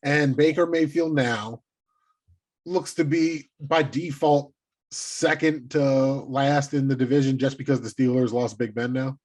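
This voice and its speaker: A man co-hosting a casual sports podcast, teasing and animated, who swears casually. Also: mid-range voice, a little slow. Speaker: podcast co-host.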